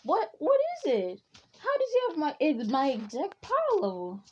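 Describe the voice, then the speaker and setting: Woman voicing a childlike god king, puzzled and naive, high-pitched, lo-fi. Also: wildly swooping pitch, normal speed.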